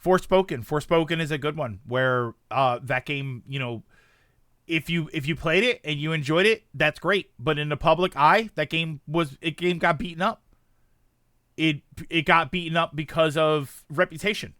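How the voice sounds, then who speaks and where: High, bright-voiced male streamer. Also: moderate pace, no room sound, studio quality. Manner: animated, rambling, reads chat. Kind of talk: casual stream commentary.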